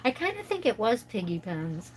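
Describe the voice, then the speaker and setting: A woman's voice: a little high, big pitch swings, measured pace, low-quality recording. Chatty American woman rambling on a livestream. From United States. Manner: rambling, chatty, talks to viewers' comments. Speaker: livestream host. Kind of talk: casual chat while coloring.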